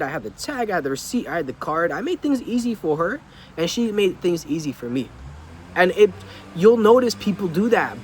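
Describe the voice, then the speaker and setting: A young man telling a story in a casual vlog, slangy and full of fillers, acting out dialogue in different tones, recorded outdoors. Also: a little high. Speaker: vlogger. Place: outdoors, rain and a passing vehicle.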